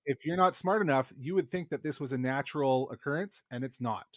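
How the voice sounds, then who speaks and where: A man running a tabletop game as game master, explaining rules and scenes in a relaxed way with hesitant fillers. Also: medium pitch, fairly quick, dry recording, studio quality.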